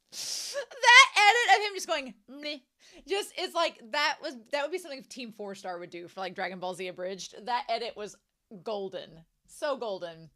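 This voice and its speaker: A young woman chats through an anime episode in a loose, rambling way, getting excited and laughing often. Her voice sits a bit high and sounds bright and crisp. She talks casually and reacts as she goes.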